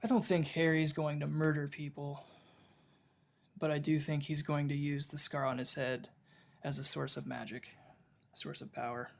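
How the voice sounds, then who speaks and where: A man's voice: fairly high pitch, flat delivery, moderate pace, gravelly. A man co-hosting a casual podcast book discussion, rambling, reading passages aloud and often restarting his sentences. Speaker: podcast co-host.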